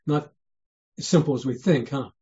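With a warm, medium-pitched voice at a moderate pace, a man gives an earnest, conversational sermon. He asks many rhetorical questions and often restarts what he's saying, all on a dull, lo-fi sermon recording.

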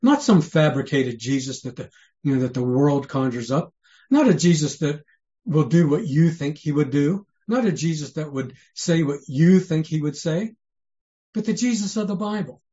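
A man's voice: fairly high pitch, expressive, moderate pace, dark tone. A man preaching a sermon in an earnest, conversational way. He asks many rhetorical questions and often restarts his sentences. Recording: dull lo-fi sermon recording.

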